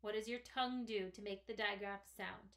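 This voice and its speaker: A woman teaching first graders a phonics lesson on video, sounding out each word slowly and carefully. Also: medium pitch, fairly even intonation, a bit bright. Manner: slow, careful, stretched-out sounds.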